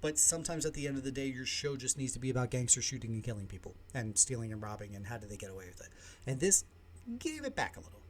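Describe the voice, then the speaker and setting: A man's voice: medium pitch, fast, a little hiss or hum. A man hosting a podcast, giving casual, opinionated reviews of movies and shows with lots of fillers and side remarks. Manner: animated and opinionated, with many fillers and asides. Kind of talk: casual solo review talk.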